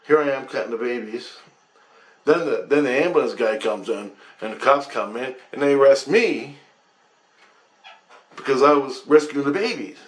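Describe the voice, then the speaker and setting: A man's voice: medium pitch, animated, normal speed, long pauses. A man telling a rambling story about his dreams, profane and agitated. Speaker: vlogger.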